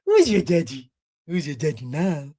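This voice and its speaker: A man doing a high cooing leering man. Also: wildly swooping pitch, moderate pace, mellow, breathy edge, full character voice. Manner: mocking, sing-song baby talk. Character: leering grown man cooing baby talk at a toddler girl.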